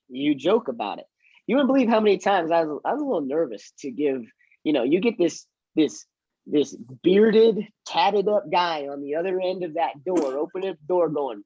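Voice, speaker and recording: A man's voice: on the high side, lively intonation, moderate pace, a little mellow, breathy edge, no room sound, highs cut off. A man who works in real estate, chatting casually and teaching, self-mocking and acting out his door-knocking lines. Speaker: real estate agent and trainer.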